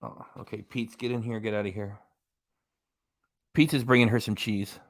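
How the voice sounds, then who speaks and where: A man's voice: on the low side, steady tone, moderate pace. Man giving dry live-stream commentary. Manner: running commentary, reading out quotes, dry asides. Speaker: reaction channel host.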